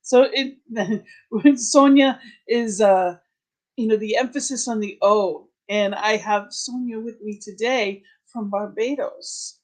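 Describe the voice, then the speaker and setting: A woman's voice: fairly high pitch, slow pace. Woman greeting an online congregation. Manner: warm greetings to viewers by name, gushing. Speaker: spiritual leader hosting an online service. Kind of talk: welcoming service host talk.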